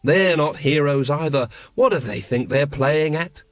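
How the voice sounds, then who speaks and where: A man's voice: fairly high pitch, unhurried, no room sound, lightly acted. A worn-out, unfit watch captain voiced by a male narrator, breathless and bitter as he rants to himself. The voice stays close to the reader's own, recorded dry and close. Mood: bitter desperation. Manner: wild, bitter inner monologue.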